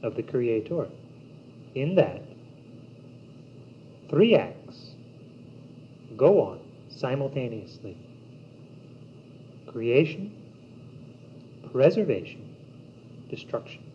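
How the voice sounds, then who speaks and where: A man giving a yoga teaching talk in a slow, measured, meditative way, with long pauses between words. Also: mid-range voice, sing-song. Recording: dull old cassette tape with faint hiss.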